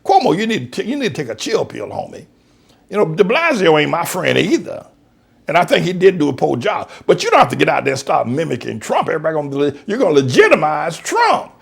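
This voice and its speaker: A male pastor giving a preached commentary in a folksy way, swinging from low musing to high, laughing exclamations. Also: huge pitch swings, fairly quick, vocal fry, slightly rough. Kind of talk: preached commentary on current events.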